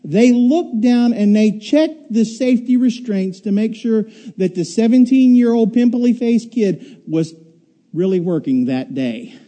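Unhurried and animated, this pastor's sermon comes in a high, noticeably raised voice with a very mellow, soft quality. He voices riders' shouts and screams as he tells his stories, then drops to a hushed, low tone to land the message.

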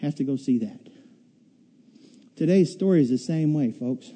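A man delivering a sermon with a high, clearly raised voice and a very mellow, soft tone. He tells stories animatedly and acts out voices, then eases into a quiet, low delivery to make his point. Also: normal speed. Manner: animated storytelling, acts out riders' shouts and screams. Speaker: pastor.

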